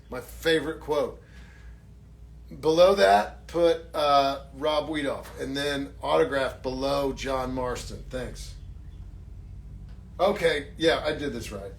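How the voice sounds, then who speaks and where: Chatting casually while signing autographs during a live stream, a male actor jokes, mocks himself and thanks fans warmly. He talks slowly in a mid-range voice with vocal fry.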